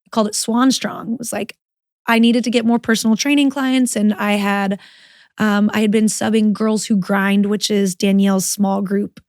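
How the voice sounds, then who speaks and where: A woman guest on a podcast, telling a personal story frankly, with plenty of swearing and animated quoting of her own thoughts. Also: medium pitch, moderate pace, no room sound, studio quality. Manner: frank and profane, animated retelling with quoted inner voice. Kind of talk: candid conversational storytelling.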